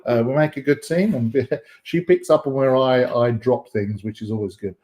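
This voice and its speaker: A man's voice: medium pitch, moderate pace, dark tone. Rambling, chatty male stream host. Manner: chatty and rambling, many fillers and restarts; jokey, greets viewers by name. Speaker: livestream host. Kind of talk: casual live-stream chat.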